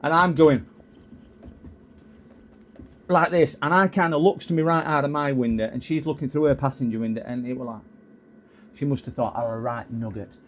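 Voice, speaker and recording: A man's voice: mid-range voice, moderate pace, pauses often, a little hiss or hum. A man who streams himself repairing electronics, chatting casually and rambling off on tangents while he solders. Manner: rambling, chatty, easily sidetracked.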